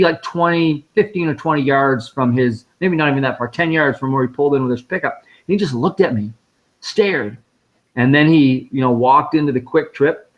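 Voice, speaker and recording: A man, a guest speaker at a fundraising live stream, telling a personal story in a conversational way and quoting the people in it. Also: on the high side. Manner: conversational, vivid retelling with quoted dialogue.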